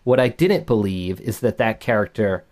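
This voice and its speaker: A man's voice: fairly low pitch, animated, normal speed, a little mellow. A man co-hosting a podcast, talking casually and thoughtfully about a film. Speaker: podcast co-host.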